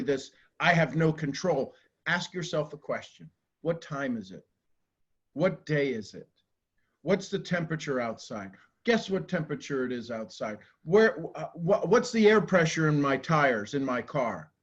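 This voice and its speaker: A man giving a live talk to a group, animated and casual, acting out quoted voices and swearing now and then. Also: fairly high pitch, highs cut off. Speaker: motivational speaker.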